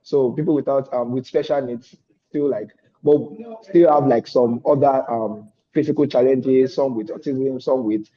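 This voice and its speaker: A man's voice: medium pitch, steady tone, normal speed. A man giving a hesitant update on an online call, with many fillers. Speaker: fellowship student. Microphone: video call. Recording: dull lo-fi call audio.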